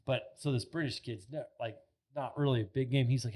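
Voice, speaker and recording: A man's voice: mid-range voice, fairly quick. A young man, a podcast guest, telling a hunting story in a rambling way, full of fillers and restarts. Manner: rambling, filler-heavy, animated retelling. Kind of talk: casual storytelling. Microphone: studio microphone.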